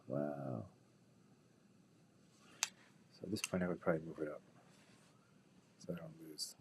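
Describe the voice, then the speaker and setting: Low-voiced man muttering over trades. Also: a little hiss or hum. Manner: rambling, profane, muttering asides to himself; drops into whispers. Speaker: day trader. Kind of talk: casual trading commentary with personal stories.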